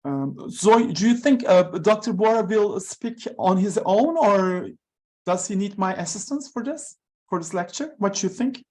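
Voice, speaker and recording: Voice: medium pitch, animated, moderate pace, a little mellow. A conference participant on a video call, talking hesitantly and switching between German and English while trying to reach a missing speaker. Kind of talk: unscripted chat on a video call.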